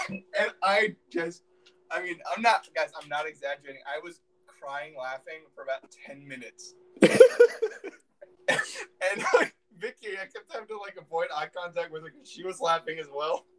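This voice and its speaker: A man's voice: on the high side, animated, moderate pace, fairly bright tone, distant mic, rough recording. A young man hosting a podcast, telling a story in casual chat and laughing often. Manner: giggly storytelling, frequent laughter. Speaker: podcast host.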